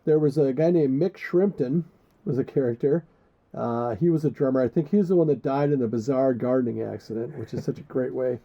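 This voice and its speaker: A man co-hosts a casual podcast, rambling and joking with crude asides in a mid-range voice that runs a little fast. The audio is muffled and lo-fi.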